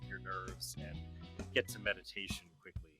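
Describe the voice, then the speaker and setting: A man running a tabletop game as game master, halting with many ums and uhs and often laughing. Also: deep voice, monotone, music in the background.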